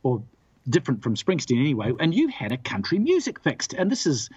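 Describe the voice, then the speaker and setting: A jovial male radio host keeps the chat light and easygoing. His voice sits a little high and has a husky edge. The recording is dry but muffled and lo-fi. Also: huge pitch swings, fairly quick, darkish tone, dry recording.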